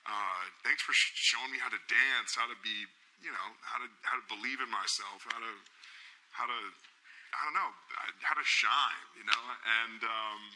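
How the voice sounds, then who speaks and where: A man in his thirties tells a long, self-mocking anecdote as a talk show guest. His voice is bright and forceful, and it rises and falls a lot. He rambles, trips over restarts and fills the gaps with ums. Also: medium pitch, low-quality recording. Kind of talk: animated anecdote telling. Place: TV studio with audience.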